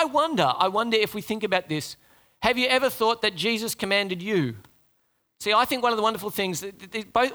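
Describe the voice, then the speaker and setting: A man with a high, bright voice preaches a sermon. He keeps it conversational and animated and often stops to put questions to his listeners.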